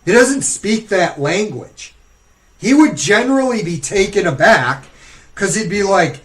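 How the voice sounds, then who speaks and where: A man's voice: high voice, animated, measured pace, poor audio. A man on a casual podcast, talking in a blunt, profane, ranting way.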